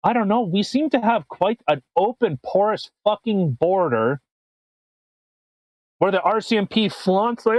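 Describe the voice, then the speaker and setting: A man co-hosting a podcast, ranting casually with swearing and halting restarts. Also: sits high, animated, no room sound, muffled recording. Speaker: podcast co-host. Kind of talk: casual comedic political chat.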